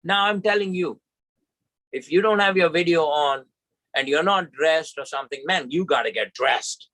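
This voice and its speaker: A man's voice: a little high, moderate pace, sharp tone, no echo, rough recording. A man telling a personal story emphatically as a trainer in an online session.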